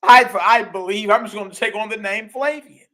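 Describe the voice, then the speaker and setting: A man's voice: sits high, moderate pace, fairly bright tone, pitched above the performer's own voice. A man mocking a smug old Roman emperor. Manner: mocking, airy. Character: smug ancient Roman emperor, mock-casual.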